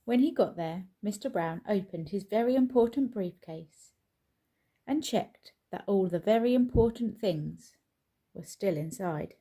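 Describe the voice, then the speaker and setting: A woman reading a children's picture book aloud in a slow, expressive storytelling manner. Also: medium pitch, breathy edge.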